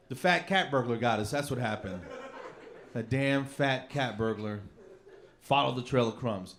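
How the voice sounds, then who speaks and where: A man's voice: medium pitch, normal speed. A man doing a rambling, self-mocking stand-up set on a comedy club stage with a handheld mic. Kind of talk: stand-up routine.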